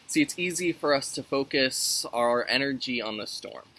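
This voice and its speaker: A man's voice: mid-range voice, moderate pace, few pauses, pushed and bright, slight background noise, low-quality recording. A man leading a youth Sunday school lesson outdoors, talking in a friendly, conversational way as he reads and explains scripture. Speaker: youth minister.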